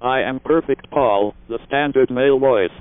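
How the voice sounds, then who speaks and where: A synthetic male text-to-speech voice, buzzy and robotic, reading in a stiff, even machine cadence. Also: medium pitch, normal speed, smooth, dry recording. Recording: narrow lo-fi archival tape.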